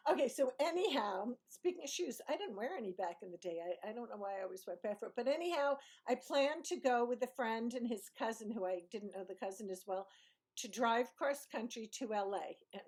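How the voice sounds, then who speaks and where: A woman with a light New York accent tells a digressive, self-mocking story to her channel viewers. Her voice sits fairly high, with a gravelly fry at the ends of phrases. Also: lively intonation, a little mellow. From Brooklyn, New York. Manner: rambling, self-mocking, digressive with quick laughs. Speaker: vlogger. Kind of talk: chatty storytelling monologue.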